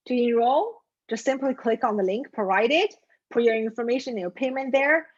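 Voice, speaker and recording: Husky-voiced woman coach. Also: mid-range voice, muffled recording. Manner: earnest, storytelling, direct address. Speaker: mindset coach. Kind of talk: coaching talk with a story.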